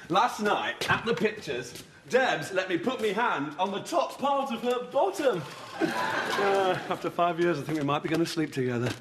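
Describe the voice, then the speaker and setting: A man's voice: high voice, very animated, normal speed, noisy background. An actor playing a goofy best man, rambling from one silly joke to the next in a sitcom. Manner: jokey, rambling, goofy asides. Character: clownish, rambling male best man, young adult. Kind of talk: sitcom acting. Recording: TV sitcom recording with loud audience laughter.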